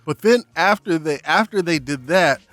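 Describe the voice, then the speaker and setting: A man's voice: a little high, moderate pace, dry recording. A young man vlogging casually, telling a story with lots of laughs and acted-out reactions. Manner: animated, laughing, acts out his own shouts.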